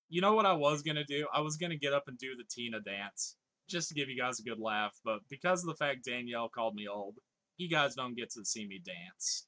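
A man's voice: mid-range voice, lively intonation, fairly quick, bright, forceful tone. A man in his thirties streaming live, chatting casually, reading viewers' comments aloud and laughing often.

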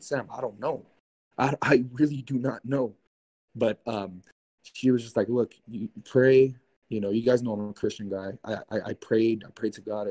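A young man recounts a strange night in loose, animated talk, packed with fillers and swearing. His voice is warm and dark, and his pitch sits in an ordinary middle range. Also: rough recording. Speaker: guest. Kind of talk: casual storytelling.

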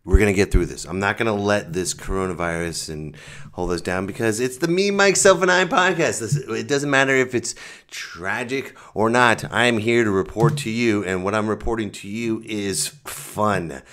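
A man's voice: lowish voice, a bit bright. A man who is a stand-up comedian, hosting his comedy podcast in a jokey, self-mocking monologue.

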